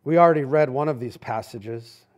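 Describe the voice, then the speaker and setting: A man preaching a sermon as pastor, talking in a conversational, emphatic way that swings between loud and hushed. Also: medium pitch, moderate pace, highs cut off. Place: church sanctuary.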